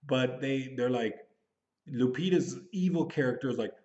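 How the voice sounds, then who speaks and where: A man in his thirties talks through a movie review off the cuff, rambling and rushing to fit it in. His voice sits at an ordinary middle pitch. The home recording sounds dull and lo-fi. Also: darkish tone. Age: 30s. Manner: rambling, hurried, thinking aloud. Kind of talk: casual spoken movie review.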